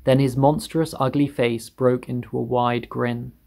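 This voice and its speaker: A man narrating a children's tale with a gravelly, creaky voice at a mid pitch. He reads expressively, slowing to lean on key words. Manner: lively, expressive read with drawn-out emphasis. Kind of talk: storybook reading aloud.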